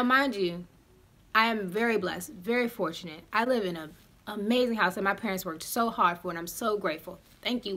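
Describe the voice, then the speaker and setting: A young woman in her twenties telling a storytime straight to her viewers, animated and profane. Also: mid-range voice. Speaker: vlogger. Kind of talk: casual storytime.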